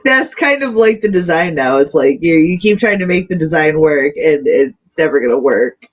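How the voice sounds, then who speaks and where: A woman's voice: sits low, expressive, moderate pace. A woman co-hosting a wrestling review podcast, chatting playfully and joking. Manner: playful, joking, laughs often. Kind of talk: casual chat.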